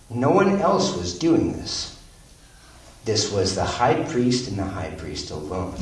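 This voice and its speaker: A preacher delivers an expository sermon, reading scripture and pressing his points with slow, deliberate emphasis. His fairly high voice swings widely in pitch. He sounds set back from the mic in a roomy, echoing space. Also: distant mic. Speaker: pastor.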